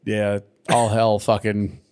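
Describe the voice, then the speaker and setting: A man's voice: fairly low pitch, completely flat delivery, slow, a little mellow. A man co-hosting a podcast, casually recapping a cartoon episode with lots of swearing, fillers and laughter. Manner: profane, laughing, trailing off with fillers. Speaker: podcast co-host.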